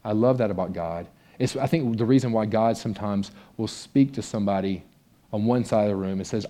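A man's voice: lowish voice, brisk, dark tone. A man preaching a conversational sermon and reading a story aloud from a book with expression. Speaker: pastor.

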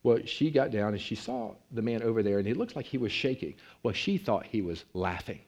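A low-voiced man preaching, his delivery animated and climbing sharply when the story builds. He tells the story from the pulpit and speaks straight to the congregation. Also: fairly quick. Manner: animated, with big swings in pitch and loudness. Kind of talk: sermon storytelling.

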